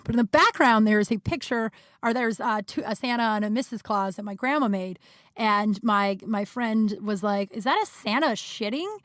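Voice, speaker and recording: A woman's voice: mid-range voice, normal speed, dry recording. A young woman hosting a podcast, telling rambling stories in casual chat, with plenty of fillers and swearing. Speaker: podcast host. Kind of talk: casual storytelling monologue.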